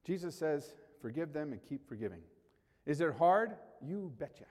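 A man's voice: on the high side, very animated, moderate pace, darkish tone, big-room sound. A male pastor preaching a sermon in a conversational way, rising sharply for emphasis.

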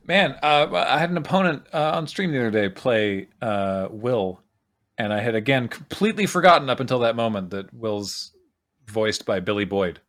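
A man co-hosting a casual group chat, reading out listener suggestions with frequent laughter and quick asides. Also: mid-range voice, expressive, fairly bright tone. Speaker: podcast co-host.

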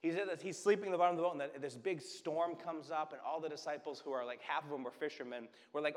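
A man preaching a conversational sermon as pastor, acting out quoted voices and dropping softly for the words of God. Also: on the high side, quick pace, few pauses, big-room sound. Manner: conversational, acts out quoted voices, drops to soft whispers for God's words. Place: church sanctuary.

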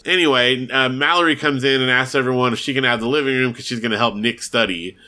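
A podcast co-host recaps an old sitcom episode in easy, chatty talk, with "like" all over his sentences. His voice is bright and forward, sitting at an ordinary male pitch. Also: fast talker. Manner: chatty storytelling with frequent "like".

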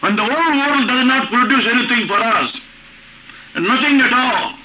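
A man's voice: extremely high pitch, moderate pace. A man preaching a sermon, repeating phrases for emphasis and asking rhetorical questions. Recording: muffled old recording with faint hiss.

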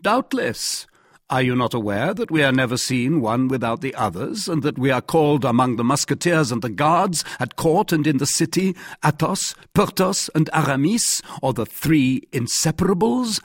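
A man voicing a proud, gracious nobleman musketeer in an audiobook, speaking in a measured, ironic way. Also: mid-range voice, expressive, slightly rough, no room sound, voice pushed up.

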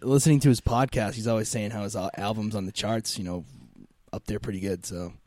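A man's voice: lowish voice, steady tone, darkish tone, no echo. A man co-hosting a casual podcast, enthusiastic and joking. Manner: enthusiastic, playful, quick asides. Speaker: podcast co-host. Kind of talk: casual chat.

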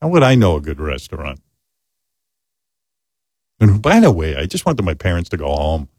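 A man hosting a talk show, telling a self-deprecating comic story in animated casual chat and jumping into quoted voices. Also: low voice, moderate pace, no echo, studio quality. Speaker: host.

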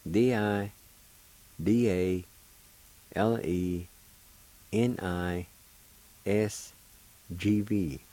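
A man's voice: lowish voice, steady tone, extremely slow, pauses often, warm tone, poor audio. A man hosting a radio language lesson, patiently spelling and pronouncing words syllable by syllable. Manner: encouraging sign-off. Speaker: language teacher and radio host.

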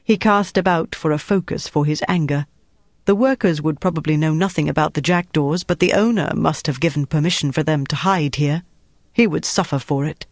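A man reading a thriller novel aloud in measured, even scripted narration, close to the mic. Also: on the high side, no echo. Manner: measured, even storytelling delivery. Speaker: audiobook narrator.

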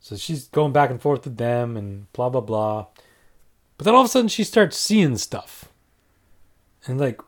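A man's voice: a little high, sing-song, normal speed. A man casually reviewing movies in a rambling, offhand way, full of fillers and restarts. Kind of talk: casual movie ranking talk.

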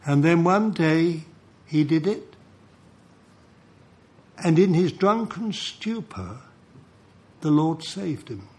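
Older guy preaching, kinda high voice, slow and chuckly. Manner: animated, chuckles between points. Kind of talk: sermon with storytelling.

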